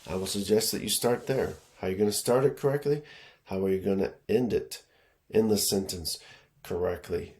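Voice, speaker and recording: A man's voice: on the low side, normal speed. A man working as an education consultant, giving a casual teaching talk to schools and checking in often with "okay?" and "right?". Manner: relaxed, repeats himself, lots of fillers and "okay?" checks.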